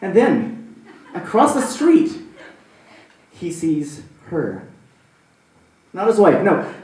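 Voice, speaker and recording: A man doing stand-up, telling a story in a rambling, animated way with plenty of fillers. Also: sits high, extremely slow. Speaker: stand-up comedian. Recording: echoey room from a distant mic.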